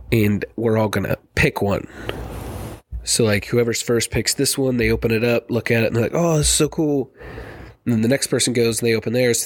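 A young man hosting a solo podcast, chatting loosely and rambling, swearing freely and laughing at himself. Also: mid-range voice. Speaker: podcast host. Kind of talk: casual solo podcast chat.

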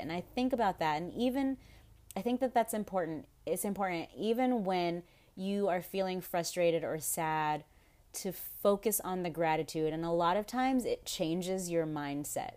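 A woman talking straight into her podcast mic with a slightly low voice. She rambles through casual asides, swears freely and laughs often. Her tone stays blunt and unfiltered. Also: normal speed, darkish tone. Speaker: podcast host.

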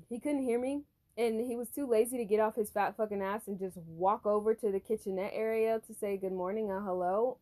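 A woman's voice: mid-range voice, darkish tone. A woman hosting a podcast, telling a workplace story as an exasperated rant full of swearing. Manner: profane, exasperated, heavy swearing. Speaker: podcast host.

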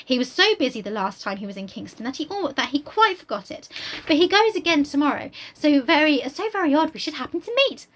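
A woman's voice: high-pitched, very animated, fast talker, hardly any pauses, fairly bright tone, voice pushed up. A woman putting on a gushing young English girl. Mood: excited.

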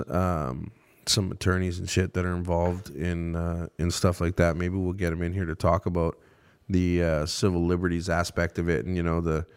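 A man with a very deep voice talks on a podcast. He explains things earnestly and at length in a casual tone, swearing now and then. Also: clean tone. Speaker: podcast co-host. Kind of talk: casual chat.

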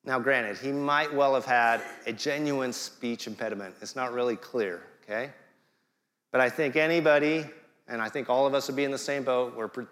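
A man's voice: medium pitch, fairly bright tone. Conversational preacher man in a hall. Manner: conversational, with jokey asides. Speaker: guest preacher. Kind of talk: sermon.

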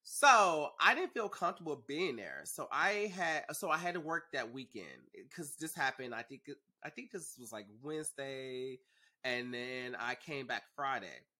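A young man hosting a podcast, telling a story in a sassy, animated, profane way. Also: medium pitch, measured pace. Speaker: podcast host. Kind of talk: casual storytelling.

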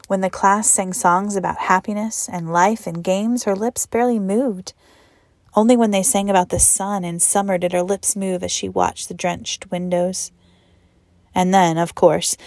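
A woman reading a story aloud expressively, slowing down and sometimes dropping to a whisper. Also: medium pitch, no room sound, studio quality. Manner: expressive, slows and drops to a whisper for effect. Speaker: story reader.

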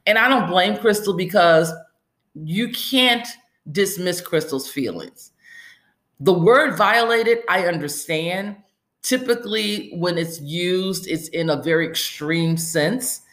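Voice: mid-range voice, expressive, slow, fairly bright tone. Chatty podcast host in an echoey room. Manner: chatty, rambling storyteller. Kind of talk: casual episode recap.

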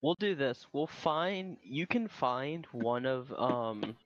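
A man's voice: mid-range voice, animated, takes it slowly, dry recording, lo-fi sound. A young man co-hosting a podcast, exasperated and trying to keep things on track. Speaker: podcast co-host. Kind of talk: casual chat.

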